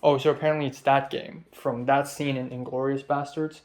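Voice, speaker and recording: A man's voice: mid-range voice, little pitch movement, normal speed. A young man from Hong Kong, a film student, talks in a rambling, profane diary vlog, full of ums and restarts. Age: young adult. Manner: rambling, profane, with many fillers.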